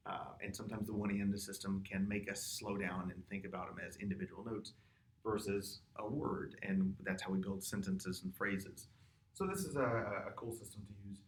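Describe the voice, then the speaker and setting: A man teaches a music lesson in a classroom or studio with a board, patiently explaining rhythm and counting beats and chanted words aloud. His voice is fairly low at a moderate pace, and the room is echoey.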